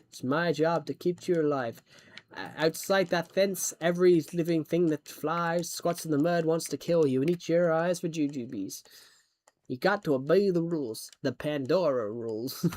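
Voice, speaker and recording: A man putting on the voice of a stern male security chief lecturing newcomers with a slow, drawling warning. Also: a little high, natural voice.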